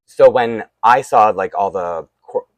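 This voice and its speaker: A man's voice: lowish voice, a little slow, no room sound. A tired, groggy man, chatting casually and rambling with asides while unboxing toys for his vlog. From Canada. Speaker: toy collector vlogger.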